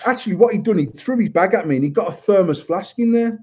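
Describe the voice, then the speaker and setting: A man's voice: high voice, lively intonation, fast talker, a little mellow, slightly rough. An English man in his thirties or forties, telling a crude story in casual podcast chat, swearing constantly. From England. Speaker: podcast host. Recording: dull lo-fi recording.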